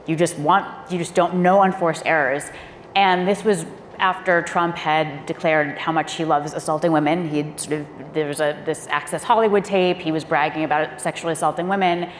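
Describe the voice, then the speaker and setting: Woman panelist, frank and emphatic, low register, roomy hall recording. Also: steady tone, a little fast, a little hiss or hum. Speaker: former speechwriter on a panel. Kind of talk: panel discussion storytelling. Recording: echoey hall with faint ambience.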